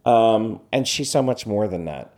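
A man's voice: lowish voice, unhurried. Opinionated man reviewing films. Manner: opinionated, animated, frequent fillers. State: voice tiring. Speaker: podcast co-host. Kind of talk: casual movie review chat.

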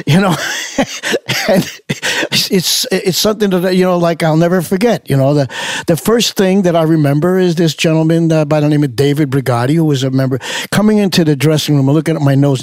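An older man, a musician appearing as an interview guest, tells stories loosely and ramblingly, full of fillers and restarts, in a casual storytelling interview. His voice is a little high and a little mellow, recorded with studio quality and no room sound.

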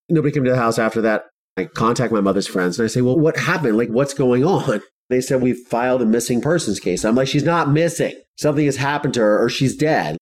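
A man's voice: lowish voice, a little mellow. A man from Ohio telling a personal story in the first person, blunt and intense, swearing freely. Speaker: podcast guest telling his story.

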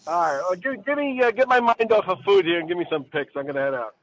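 Quick, high-voiced radio host. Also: male voice, lively intonation, slight background noise, rough recording. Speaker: radio show host signing off. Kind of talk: casual radio banter.

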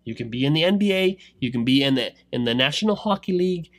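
A man giving a rambling motivational talk about online selling, swinging between loud pushes and low asides. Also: expressive, fast, no room sound, studio quality. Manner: rambling, filler-heavy. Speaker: online seller coaching others.

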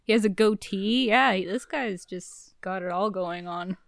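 A woman co-hosting a podcast, talking casually at a middle pitch. She jokes dryly and laughs often, and her voice sounds close and dry, with no room echo. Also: measured pace, gravelly. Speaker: podcast co-host. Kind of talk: casual chat.

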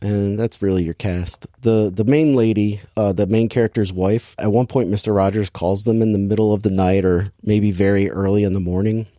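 A man with a lowish voice, chatting casually and wryly on a podcast. He tells stories deadpan and drops into mock-sinister impressions. The sound is dry and close, with no room around it. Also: moderate pace, few pauses, no echo. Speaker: podcast co-host reviewing movies. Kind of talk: casual chat.

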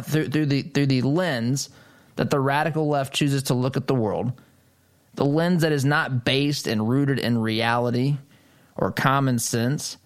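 A man hosting a political commentary show, talking emphatically and incredulously, repeating phrases for stress. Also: mid-range voice. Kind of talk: opinion commentary monologue.

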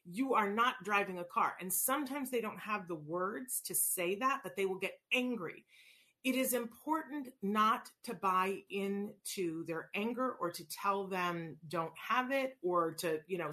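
A woman's voice: mid-range voice, a little slow. A middle-aged woman telling stories casually, acting out voices as she talks about play and children on the autism spectrum. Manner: animated, acts out voices in anecdotes. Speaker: parent educator on autism. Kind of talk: casual storytelling talk.

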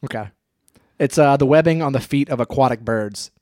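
A man's voice: mid-range voice, darkish tone, dry recording, clean studio sound. Laid-back man reading quiz clues. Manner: laid-back, reads clues haltingly with fillers and laughs. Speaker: podcast host. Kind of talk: casual chat, quizzing a co-host.

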